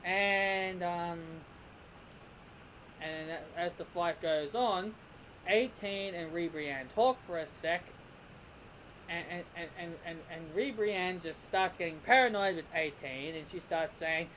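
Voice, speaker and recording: A man's voice: sits high, a little slow, slight background noise, rough recording. Rambling young-sounding male reviewer. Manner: rambling, with many restarts and repeated "and". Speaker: episode reviewer. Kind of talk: casual spoken review.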